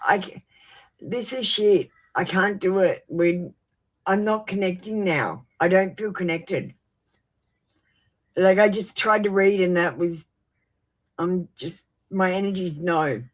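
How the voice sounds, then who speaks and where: A woman giving a live-streamed tarot reading on a webcam, flustered and apologetic about her setup before settling into steady predictions. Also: lowish voice, slow pace, pauses often. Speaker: tarot reader.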